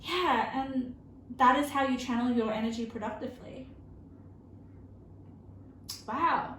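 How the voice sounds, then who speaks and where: A woman's voice: high-pitched, fairly bright tone. Emotional woman giving a tarot reading. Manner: emotional, earnest, halting with many fillers. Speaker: tarot reader. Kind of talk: intuitive tarot reading to viewers. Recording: roomy with faint background hiss.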